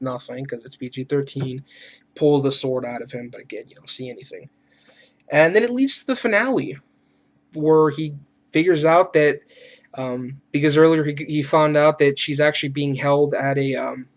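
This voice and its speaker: Guy ranting thru a movie review, swears a lot, kinda high voice, rambles on. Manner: rambling, profane, gets worked up when ranting. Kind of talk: casual spoken film review.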